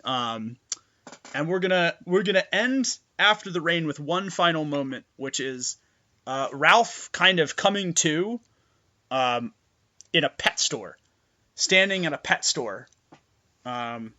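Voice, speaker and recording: A man's voice: a little high, lively intonation, slow pace, pushed and bright, lo-fi sound. A man narrating as game master for a tabletop game, loose and full of fillers.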